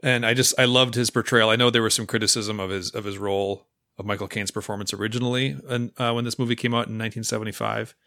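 Bright-toned podcast man. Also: on the low side, steady tone, fast talker, dry recording, studio quality. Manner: warmly appreciative, jokey. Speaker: podcast co-host. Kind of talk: casual movie-review chat.

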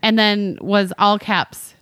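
A woman's voice: medium pitch, fairly even intonation, a bit bright, clean tone, no echo, studio quality. A woman co-hosting a podcast, chatting casually and joking along with her co-host. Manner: chatty, quick to agree and joke. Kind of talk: casual chat.

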